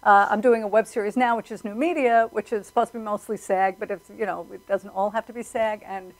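A woman, a filmmaker guest telling stories in an animated, casual interview, acting out quotes. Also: medium pitch, a little fast, low-quality recording. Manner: animated storyteller, acts out quotes.

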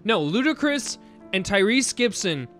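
A man's voice: high-pitched, a little slow, soft background music. Rambling young man gaming host. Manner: rambling, stammering, laughs often; excited whoops while playing. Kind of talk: casual let's-play commentary.

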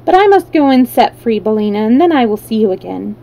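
A woman's voice: fairly high pitch, big pitch swings, fairly quick, creaky, mellow, poor audio. A woman voicing a kind, well-mannered little girl who scolds her friend primly. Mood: sincere. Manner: prim, reproving.

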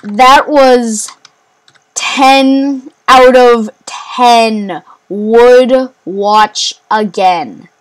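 A woman giving let's play commentary while gaming, excitable, rambling and quick to mock herself. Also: on the high side. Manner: excitable, self-mocking, rambling. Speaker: gamer.

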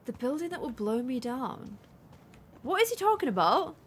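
Playing a story game, a young woman streamer giggles, thinks aloud and thanks her viewers in let's-play commentary. Her high, sing-song voice is slightly rough and at normal speed.

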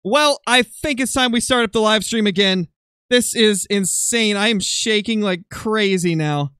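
A young man commentating his hunting game live on stream, excitable and quick to swing into loud frustration. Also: high voice, clear, resonant tone, no room sound, studio quality. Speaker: gaming streamer.

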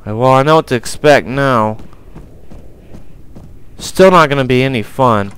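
A man's voice: mid-range voice, a little slow, a bit bright, clean tone, rough recording. A young man commentating a horror game, jumpy and panicky, often crying out in fright. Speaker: gameplay commentator.

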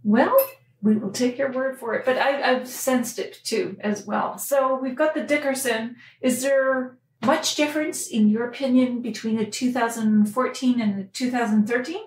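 A woman with a fairly high voice hosts a podcast, asking curious, prompting questions. Her voice sounds roomy, with a clear echo. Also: fairly even intonation, normal speed, slight background noise. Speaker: podcast host. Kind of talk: conversational interviewing.

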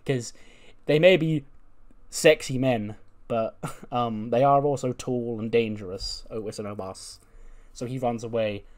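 A man casually recapping a wrestling simulation game, chatty and amused, often laughing and quickly retelling scenes. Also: medium pitch, a little mellow. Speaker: video game let's player. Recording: faint background music.

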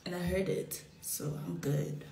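Young woman, tipsy and playful, giggles and whispers, lowish voice, echoey room on a phone. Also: steady tone, unhurried, dark tone. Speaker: social media personality. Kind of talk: casual livestream chat.

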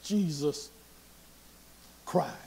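A man preaching a sermon as pastor, reading scripture aloud and swinging between quiet reflection and loud emphasis. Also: fairly high pitch, very slow, vocal fry, husky.

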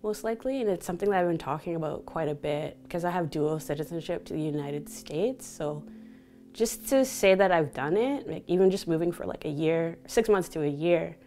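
With a lowish, mellow, animated voice at a slightly fast pace, a Vancouver DJ and speaker from Canada reflects openly on her life in an interview. Her storytelling is frequently broken up by laughter.

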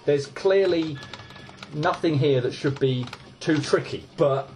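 A man's voice: on the high side, slow, a little mellow, soft background music. A man giving casual gameplay commentary, ranting in exasperation and stumbling over repeated restarts. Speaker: let's play gamer.

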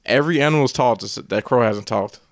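Low raspy guy chatting on a podcast, dry close sound, kinda hesitant. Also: brisk, no echo. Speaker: podcast co-host. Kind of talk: casual chat.

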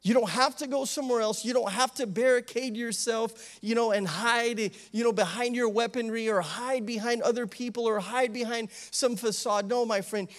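A man, an associate pastor, preaching a sermon in a conversational, animated way, with frequent asides and calls of amen. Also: high voice. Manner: animated, acts out the disciples' pleading.

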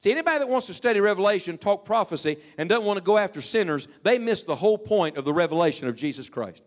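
A middle-aged man delivers a sermon from the pulpit. His voice sits somewhat high for a man. He moves through stories and often drops to a hushed tone when quoting others. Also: lively intonation, fast talker. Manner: storytelling preaching, quoting people in hushed tones. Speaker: preacher.

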